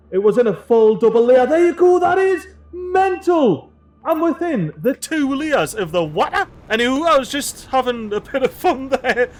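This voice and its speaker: High, lively gaming commentator. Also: male voice. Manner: excitable, chatty, swears casually. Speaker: gaming channel host. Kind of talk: let's play commentary.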